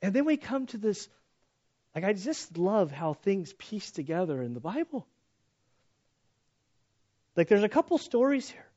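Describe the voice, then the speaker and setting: A man's voice: high voice, big pitch swings, measured pace, pauses often, dark tone, highs cut off. A man teaching through a Bible passage in a casual, conversational way, acting out voices in the story as he goes. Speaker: pastor.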